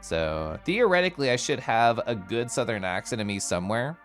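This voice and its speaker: A young man from the United States, an energetic streamer chatting casually with his viewers and answering chat, with frequent laughs and asides. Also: mid-range voice, a little fast, soft background music. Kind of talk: casual live-stream chat, reading chat aloud.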